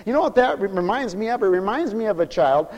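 A fervent male preacher with a high voice that rings through a large, reverberant hall. He shouts his calls to action, then drops to low, confiding asides. The long echo trails after each burst. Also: animated, fast, highs cut off. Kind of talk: fiery sermon. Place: church hall, also broadcast on radio.

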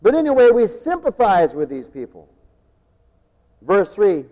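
A man preaching a sermon, turning emphatic on key phrases and dropping quieter for personal stories. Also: sits high, sing-song, unhurried. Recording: dull lo-fi tape in a long-echo hall.

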